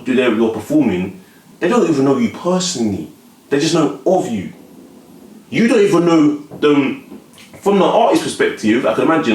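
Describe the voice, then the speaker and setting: A man giving casual advice straight to camera, repeating and restarting words and often asking whether the listener follows him. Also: on the high side. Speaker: vlogger giving life advice. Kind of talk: casual motivational monologue to camera. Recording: echoey room.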